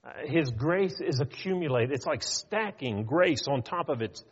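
A man preaching a sermon in an earnest, pleading way, asking his listeners questions and slowing down to stress his points. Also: a little high, expressive, slightly rough, in a large hall, dull audio. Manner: earnest, pleading, rhetorical questions, slows for emphasis.

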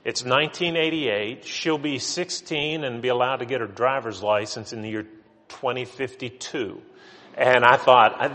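Casting: middle-aged male pastor, mid-pitched voice, chatty storytelling sermon with stumbles and restarts, long hall reverb. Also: measured pace, a bit bright. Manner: conversational storytelling with frequent restarts.

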